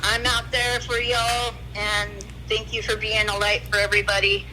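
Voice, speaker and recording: A woman's voice: mid-range voice, little pitch movement, normal speed, noisy background. A woman in grief, speaking bluntly and from the heart as a guest on a casual podcast chat, with swearing. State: grieving. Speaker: guest on the line.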